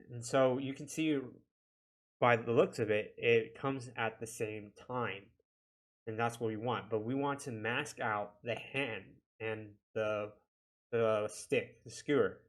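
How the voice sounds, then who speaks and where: A man giving a casual software tutorial, talking himself through each click with a chatty, self-deprecating manner. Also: mid-range voice. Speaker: video editing instructor.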